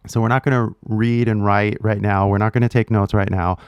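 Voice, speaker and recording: Low-voiced Californian teacher, upbeat. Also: male voice, little pitch movement, fairly quick, smooth, no echo, lo-fi sound. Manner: upbeat, emphatic, checks in with "right?". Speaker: English accent teacher. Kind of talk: casual teaching to camera.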